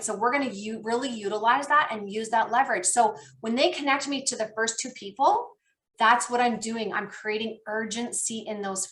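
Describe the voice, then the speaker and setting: A woman trainer on a team call, talking with an excited, animated storytelling manner. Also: on the high side. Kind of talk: enthusiastic coaching chat.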